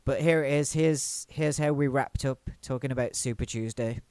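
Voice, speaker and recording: A man's voice: mid-range voice, normal speed, darkish tone, clean tone, no room sound. A man hosting a podcast, steering the conversation and explaining the edits. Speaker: podcast host.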